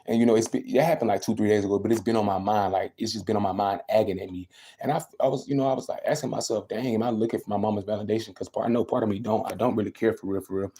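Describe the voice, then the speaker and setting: Fast-talking young man venting on a livestream. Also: lowish voice, steady tone, warm tone. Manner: venting, emphatic, repeats himself. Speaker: livestreaming vlogger. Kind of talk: casual livestream rant.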